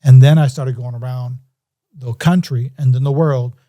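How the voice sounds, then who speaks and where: A man's voice: mid-range voice, moderate pace. A man as a podcast guest, telling a story in a casual way and acting out the voices of people in it. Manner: animated, acts out quoted voices.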